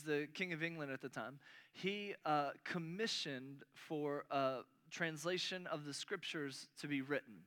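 Male pastor, bright and forceful tone, slightly high, conversational sermon delivery with restarts. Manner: conversational preaching with frequent restarts, voice rising on key points.

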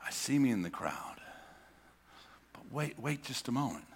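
A man preaching a sermon as pastor, impassioned, swinging between hushed and loud and asking rhetorical questions. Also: mid-range voice, sing-song, normal speed, creaky, husky. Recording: reverberant hall.

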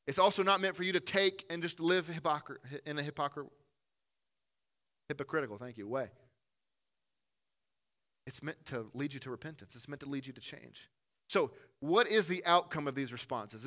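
A man preaching a sermon to a gathered congregation in a church room, earnest, rising to loud emphatic peaks and dropping to soft, low asides. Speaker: pastor.

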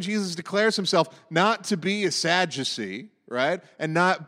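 A man preaching a sermon in a conversational way, retelling scripture with lively asides and questions to the congregation. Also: fairly high pitch, in a large hall. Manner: conversational, animated storytelling with asides.

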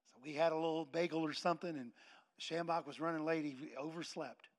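A middle-aged man, a pastor, preaching a sermon in a lively anecdotal way and acting out the voices of people in his stories. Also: fairly high pitch, fairly quick. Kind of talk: storytelling sermon.

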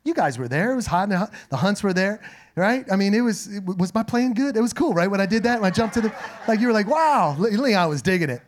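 A middle-aged man with a slightly raspy voice, preaching a conversational sermon full of humorous asides and personal stories. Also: high voice, lively intonation, fast. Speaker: pastor. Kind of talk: sermon with storytelling.

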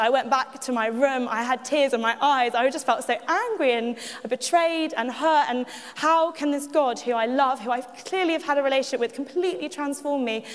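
A woman giving a personal testimony at church, chatty and self-mocking, with frequent laughs and asides to the audience. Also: high voice. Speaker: church speaker. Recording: echoey hall.

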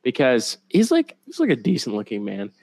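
A young man co-hosting a podcast, rambling and animated in casual chat. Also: medium pitch, moderate pace. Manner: rambling, animated, laughs at own jokes. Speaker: podcast co-host.

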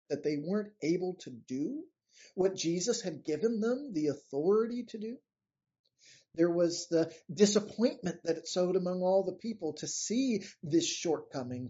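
A man's voice: a little high, warm tone, husky. A man giving an earnest, conversational reflection on scripture, like a short sermon. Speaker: preacher. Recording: dull lo-fi recording.

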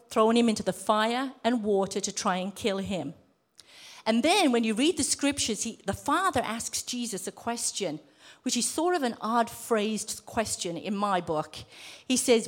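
A middle-aged woman preaching a sermon in a church room, lively and emphatic as she quotes scripture. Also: fairly high pitch, moderate pace. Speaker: lay preacher.

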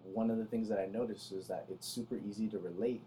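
A young man co-hosting a podcast in casual chat, pushing himself to talk louder than he normally does and telling stories with animation, close to the mic. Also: lowish voice, fairly even intonation, fast talker, slight background noise. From Salvadoran family in the United States. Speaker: podcast co-host.

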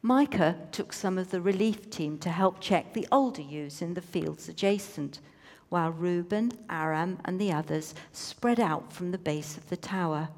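A woman's voice: lowish voice, moderate pace. A woman reading a story aloud with playful, teasing asides, in a room with a long reverb.

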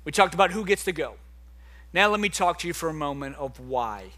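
A young man preaching a sermon, animated, swinging between soft quiet stretches and loud emphatic bursts. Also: on the high side, fairly quick.

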